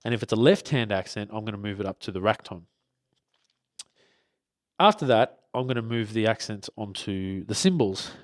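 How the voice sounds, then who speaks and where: A man's voice: lowish voice, normal speed, pauses often, dry recording. Laid-back male drum instructor, casual and chatty, dry close mic. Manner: relaxed, many fillers and restarts, checks in with "okay?". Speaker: drum teacher. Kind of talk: casual spoken lesson. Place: drum studio beside a drum kit.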